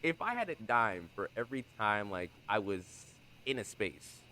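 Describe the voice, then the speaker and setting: A young man hosting a podcast in casual conversation, animated and acting out the voices he quotes. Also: fairly low pitch, moderate pace, a little hiss or hum, rough recording. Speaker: podcast host.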